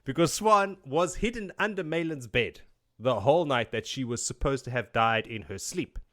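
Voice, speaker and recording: A man chatting on a podcast about a book he has read. His voice sits at an ordinary middle pitch. He retells scenes with lively energy and drops into casual swearing and quoted asides. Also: moderate pace. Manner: animated retelling, slipping into character quotes and swearing. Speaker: podcast co-host. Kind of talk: casual book-discussion chat.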